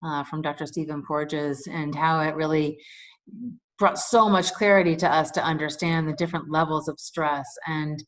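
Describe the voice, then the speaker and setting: A woman's voice: low-pitched, steady tone, moderate pace. A middle-aged woman hosting an interview over a video call, upbeat and welcoming as she leads the conversation. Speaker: host.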